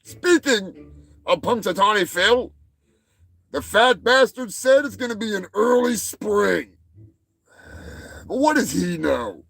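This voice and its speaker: A man's voice: high-pitched, animated, slow pace, gravelly, pauses often, fairly bright tone, slightly rough, dry recording. A man hosting a comedy show, delivering a rambling, crude monologue and stumbling over words. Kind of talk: profane comic monologue.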